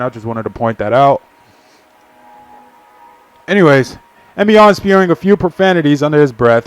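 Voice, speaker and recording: A man's voice: medium pitch, clean tone. A young man casually reading a visual novel aloud on a stream, with profane asides. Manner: casual, swearing, laughing asides.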